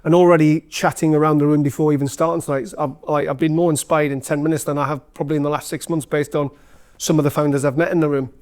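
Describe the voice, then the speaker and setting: Geordie businessman telling stories to a room, a touch high-voiced, chatty and self-mocking. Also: little pitch movement, fast, a little mellow. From North East England. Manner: chatty, self-deprecating storyteller with many fillers. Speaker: former CEO giving a guest talk. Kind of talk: live anecdotal talk to an audience. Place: event room with an audience.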